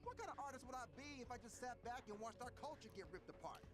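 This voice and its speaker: A man's voice: extremely high pitch, quick pace. An actor playing a brash, boastful young male graffiti artist in a video game. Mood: cocky. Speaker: game character. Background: game music.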